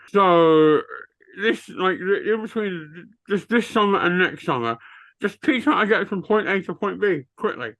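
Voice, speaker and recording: Sarcastic man, bright dry voice. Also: a little high, no echo. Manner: sarcastic, deadpan ranting. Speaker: podcast co-host. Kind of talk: comedic rant.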